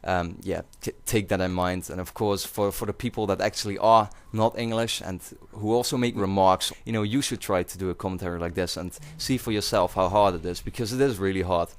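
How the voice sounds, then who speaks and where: Young Dutch-accented male YouTuber, slightly low voice, rambling vlog chat full of fillers. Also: brisk, few pauses. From Netherlands. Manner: rambling, many fillers and restarts. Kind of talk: casual commentary to viewers.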